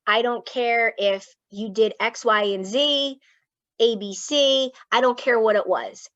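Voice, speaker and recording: A woman's voice: on the high side, slow pace, fairly bright tone, no room sound. A woman from Philadelphia, a clinical psychologist speaking as a guest, telling personal stories bluntly and swearing freely over a video call. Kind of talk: candid personal storytelling to an audience. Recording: dull, dry lo-fi sound.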